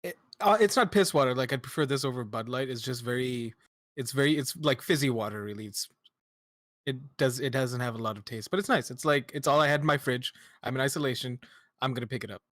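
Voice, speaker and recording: A man's voice: medium pitch, fast talker, fairly bright tone, dry recording, studio quality. Easygoing guy chatting. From Canada. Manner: easygoing, rambling. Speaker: co-host. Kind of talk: casual podcast chat.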